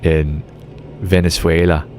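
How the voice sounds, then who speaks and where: A man's voice: low-pitched, level tone, slow pace, a little mellow, a little hiss or hum. A man with an Australian accent chatting casually with his live-stream audience while gaming, rambling with lots of filler words. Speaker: game streamer.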